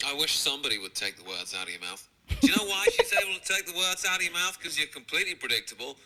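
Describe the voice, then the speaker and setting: Sarcastic, high-voiced British comedian ranting. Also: male voice, wildly swooping pitch, rapid-fire, vocal fry, sharp tone, low-quality recording. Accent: British English. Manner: sarcastic, profane, mocking. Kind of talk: ranting commentary over video clips.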